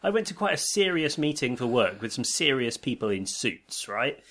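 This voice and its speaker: A man's voice: medium pitch, very animated, moderate pace, a bit bright. A man co-hosting a podcast, telling stories in a chatty way and often checking in with "right?". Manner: chatty, tags lines with "right?". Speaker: podcast co-host. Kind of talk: casual chat, storytelling.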